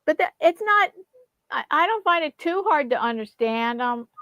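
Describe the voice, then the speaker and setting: A woman in a group video call who chats easily and often answers with quick agreeing sounds. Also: high voice, animated, a bit bright, no room sound.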